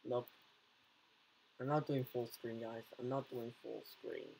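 A man hosting a reaction video in casual commentary, excitable and full of halting restarts and repeated exclamations. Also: mid-range voice, vocal fry, slight background noise, rough recording.

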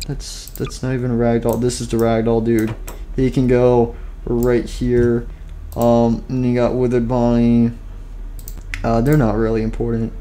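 There's a little hiss or hum on this recording of a gaming YouTuber speaking in a monotone, mid-range voice, a little slow and dark in tone. He rambles through casual commentary at his computer with many fillers, self-deprecating and sounding worn out and breathless.

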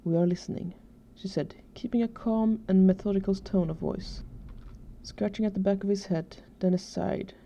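A woman reading fan fiction aloud in a steady, even way. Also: medium pitch, normal speed, vocal fry. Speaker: fanfiction reader. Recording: dull lo-fi recording.

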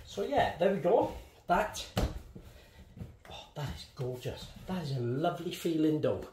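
Speaking with a Welsh accent, a man in his sixties walks viewers through kneading sourdough at home, chatty and methodical. His slightly high voice swings widely in pitch at a measured pace, and the echoey kitchen has some faint noise behind him.

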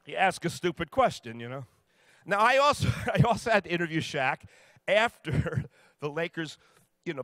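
Lively man telling comic sports stories. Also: on the high side, dry recording. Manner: lively storyteller, builds to punchlines. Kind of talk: comedic speech to a live audience.

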